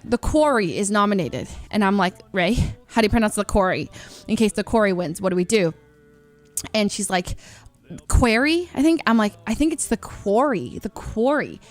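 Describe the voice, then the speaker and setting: A woman streamer casually telling a story, acting out what other people said and filling her speech with "like". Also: a little high. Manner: chatty, acts out quoted people, lots of "like".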